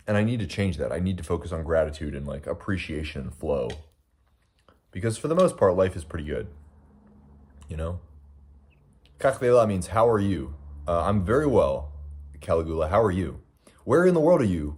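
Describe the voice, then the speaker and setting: Deep-voiced man chatting while eating. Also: sing-song, moderate pace, long pauses, a little mellow, husky. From United States. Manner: rambling, reflective, frequent fillers and restarts. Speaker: livestream host. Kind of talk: casual chat reading viewer comments.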